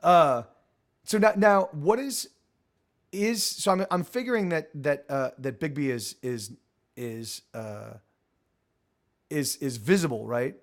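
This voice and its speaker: A man's voice: on the high side, slow, pauses often. A man narrating a tabletop game as game master, rambling with many restarts.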